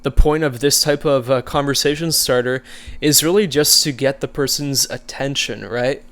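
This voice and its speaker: A man coaching viewers in a casual, conversational way, relaxed and easygoing, with frequent fillers. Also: mid-range voice, moderate pace. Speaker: social skills coach. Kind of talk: casual instructional talk.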